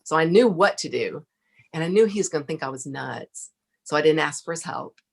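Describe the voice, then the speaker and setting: A middle-aged woman, a podcast guest, telling a lively story, laughing often and acting out what people said. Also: low-pitched, fairly quick, vocal fry. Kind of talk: casual storytelling interview.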